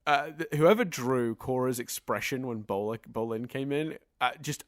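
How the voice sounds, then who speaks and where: A man in a casual podcast discussion, chatty and rambling as he talks in long winding sentences. His voice sits at a middling pitch. The sound is close and dry, with no room around it. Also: moderate pace, dry recording. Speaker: podcast co-host.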